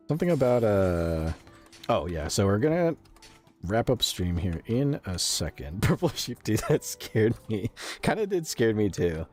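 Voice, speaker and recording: A man's voice: on the low side, big pitch swings, unhurried, a little mellow, soft background music. A man from the United States streaming a video game, chatting casually, laughing often, swearing freely and answering his chat. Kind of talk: casual live gameplay commentary.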